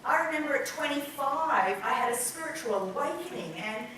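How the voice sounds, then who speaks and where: A woman's voice: high voice, moderate pace, distant mic, a little hiss or hum. Woman lecturing in an echoey hall. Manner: lively, acts out examples in quoted voices. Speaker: conference speaker. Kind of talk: conference presentation. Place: conference hall.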